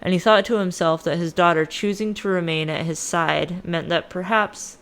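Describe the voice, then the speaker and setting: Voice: mid-range voice, fairly even intonation, normal speed, a bit bright. A podcast host casually retelling a myth with lots of swearing and modern slang. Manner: profane, slangy, irreverent.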